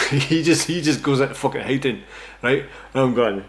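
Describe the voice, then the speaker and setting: A man's voice: mid-range voice, moderate pace, fairly bright tone. Profane, rambling Scottish man telling a story. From Scotland. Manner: rambling, profane, self-mocking, fond of "right?". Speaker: vlogger telling a personal story. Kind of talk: casual storytime monologue.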